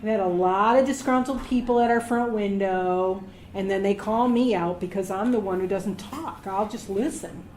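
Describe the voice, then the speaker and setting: Middle-aged woman, medical assistant, animated storyteller giving career tips, roomy echo with faint background noise. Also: medium pitch, moderate pace, few pauses. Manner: lively storyteller acting out quoted voices. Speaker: medical assistant speaking to students. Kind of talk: career advice talk. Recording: echoey room with faint noise.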